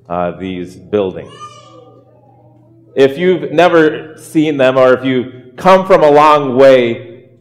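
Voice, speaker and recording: A pastor delivers a relaxed, talky sermon, pitched at an ordinary middle level for a man. He keeps turning to his listeners with rhetorical questions. His voice rings out with a long hall echo. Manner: chatty, asks rhetorical questions. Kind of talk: conversational sermon.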